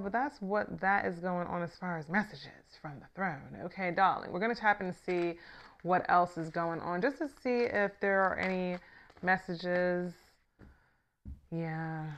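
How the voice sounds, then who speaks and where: A woman hosting her channel and doing a casual tarot reading to camera, talking in a chatty, sassy way that swings from quiet murmurs to loud, emphatic bursts. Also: lowish voice, background noise. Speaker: tarot reader and channel host.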